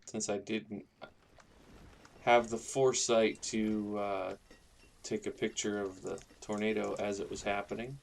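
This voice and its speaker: A man's voice: fairly low pitch, little pitch movement, measured pace, vocal fry. A man casually commenting on his own gameplay, rambling and thinking aloud as he builds a town. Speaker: gaming YouTuber.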